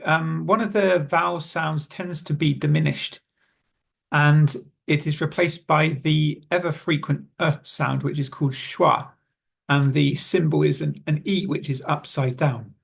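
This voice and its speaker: A British man teaching English pronunciation, calmly explaining and saying example phrases slowly and clearly. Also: a little high. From Britain. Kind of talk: online lesson, reading notes and modelling phrases.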